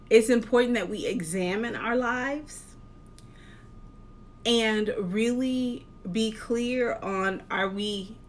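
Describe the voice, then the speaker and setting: A woman life coach giving an earnest, encouraging talk, posing rhetorical questions with measured, deliberate delivery. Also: medium pitch, a little hiss or hum. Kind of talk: motivational talk to camera.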